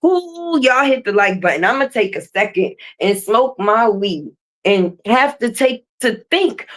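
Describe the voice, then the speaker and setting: A young adult woman rants on a livestream. She talks in a profane, confrontational, animated way. Her voice sits high. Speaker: streamer. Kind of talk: livestream rant. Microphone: streaming mic.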